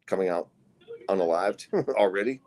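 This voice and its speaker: A man's voice: deep voice, moderate pace, darkish tone. A middle-aged man co-hosting a casual podcast, telling profane stories and acting out the voices of the people in them. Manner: profane storyteller, acts out quoted voices. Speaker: podcast co-host.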